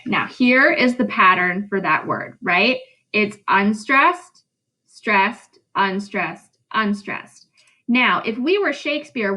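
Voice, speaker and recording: A woman's voice: on the high side, bright, forceful tone, rough recording. A woman teacher giving a recorded English lesson, drawing out syllables and checking in with "right?". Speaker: high school English teacher.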